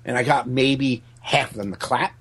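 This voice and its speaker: A man's voice: medium pitch, moderate pace, breathy edge. A man, a stand-up comedian, telling a story in casual podcast chat, swearing and acting out other people's voices. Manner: profane, animated, acts out other people's voices.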